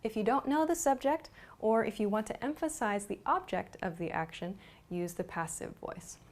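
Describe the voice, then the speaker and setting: A woman gives a grammar lesson in a clear, patient teaching voice. She repeats each example sentence and explains it step by step. Her pitch sits in the ordinary middle range. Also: lively intonation, normal speed. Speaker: English teacher.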